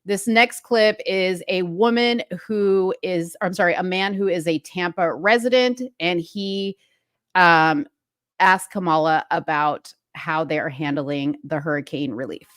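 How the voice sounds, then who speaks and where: A woman's voice: on the low side, measured pace, fairly bright tone, no echo. Chatty woman co-host, dry close sound. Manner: chatty, laughs often, lots of "like". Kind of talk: casual political commentary chat.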